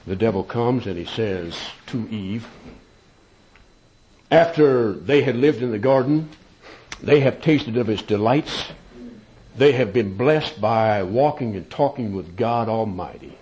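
A man preaching a sermon, emphatic, with loud peaks and quiet asides. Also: fairly low pitch, animated, unhurried, dull audio.

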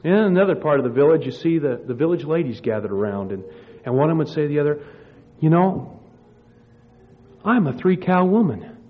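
A man with a fairly high voice preaches a sermon, recounting a story in a loose, rambling way with frequent restarts. The recording sounds dull and lo-fi. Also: animated, rapid-fire.

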